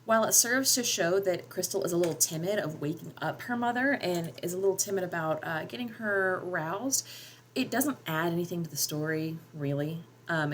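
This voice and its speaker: A woman's voice: sits low, slight background noise. A woman with a Southern drawl casually explaining how she edits a short story, thinking aloud with frequent ums. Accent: Southern US, North Georgia Appalachian. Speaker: writer and editing teacher. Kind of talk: casual editing tutorial.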